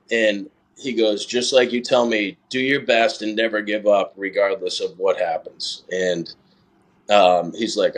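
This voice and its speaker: Earnest low-voiced man telling a story. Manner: earnest, emotional, halting with many fillers. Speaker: podcast guest, ultrarunner. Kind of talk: casual interview storytelling.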